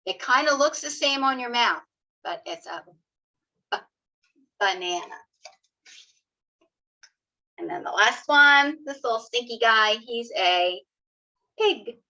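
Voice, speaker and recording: A woman leads young children through a phonics lesson, speaking slowly and sounding out each letter with patient encouragement. Her voice is bright and fairly high. The audio is a little dull and lo-fi. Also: expressive. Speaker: kindergarten teacher. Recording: slightly dull lo-fi video audio.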